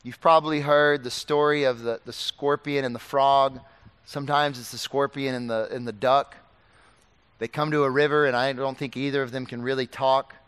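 A man preaching a sermon, swinging from loud urgent pleading to quiet earnest warnings. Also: medium pitch, steady tone, normal speed, clear, resonant tone, big-room sound.

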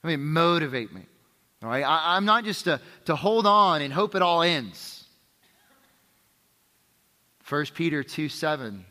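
A man delivers a sermon with a bright, forward voice pitched a little high. He keeps it conversational, checks in with his listeners, and hammers his points through repetition. A long hall reverb trails behind every phrase. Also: animated, measured pace, long pauses. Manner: emphatic repetition. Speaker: pastor.

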